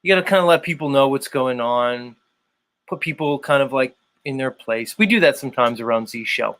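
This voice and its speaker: Brisk and a bit bright in a mid-range voice, a man rambles through a casual livestream on his own online show. He talks loosely and leans on lots of fillers.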